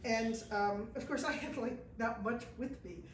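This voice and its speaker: Animated woman telling a story in an echoey room. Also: on the high side, unhurried. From United States. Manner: animated storyteller, acts out quoted voices, laughs at herself. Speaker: pilgrim telling travel stories to an audience. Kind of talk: live storytelling talk. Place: indoor event room with an audience. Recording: echoey room from far off, faint noise.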